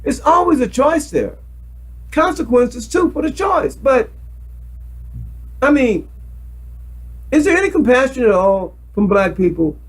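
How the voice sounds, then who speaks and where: A man talks into a webcam in a loose, preachy monologue, circling back and repeating words as he goes. His voice sits high and swings widely in pitch, with a husky edge to it. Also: very animated, unhurried, long pauses, rough recording. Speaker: self-made video commentator. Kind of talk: casual monologue to camera.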